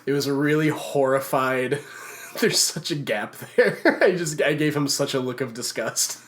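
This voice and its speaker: A man co-hosting a casual podcast chat who rambles excitedly and stumbles over repeated restarts. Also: mid-range voice, unhurried. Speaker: podcast co-host.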